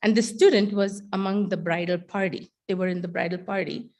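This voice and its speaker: A middle-aged woman who is a teacher gives a keynote talk, telling stories in an animated way. Her voice has an ordinary middle pitch, and she makes her points with wry humor and well-timed dramatic pauses.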